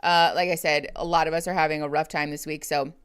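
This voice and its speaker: Chatty, laughing woman streamer, a touch low. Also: flat delivery, quick pace, a bit bright, smooth. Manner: chatty, laughs often, swears casually; reads out and answers viewer chat messages. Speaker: therapist streaming reactions to a reality show. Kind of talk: casual livestream chat.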